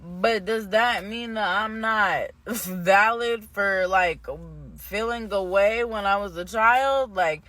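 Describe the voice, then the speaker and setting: A woman's voice: medium pitch, slow, a bit bright, dry recording. A young woman vlogging, telling a personal story in a rambling, candid way, often indignant. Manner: grows heated and indignant. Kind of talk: casual storytime monologue.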